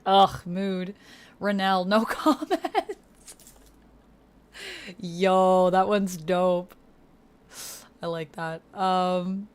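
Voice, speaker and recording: Upbeat woman streamer on a desk mic, talking to chat. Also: mid-range voice. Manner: upbeat, thanks viewers, reads chat aloud. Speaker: livestreamer. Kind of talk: casual livestream chat with viewers.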